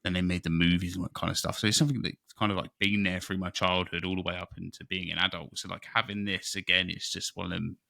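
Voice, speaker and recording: Low-voiced excitable man. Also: fast talker, vocal fry, few pauses, no echo, clean studio sound. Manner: excitable, rambling storyteller. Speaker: podcast co-host. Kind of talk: casual chat.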